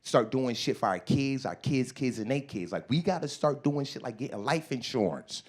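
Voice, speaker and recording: A man in his forties performing a stand-up comedy set. He is profane and animated, acts out voices and shouts his punchlines. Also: mid-range voice, normal speed. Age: 40s. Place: comedy club stage.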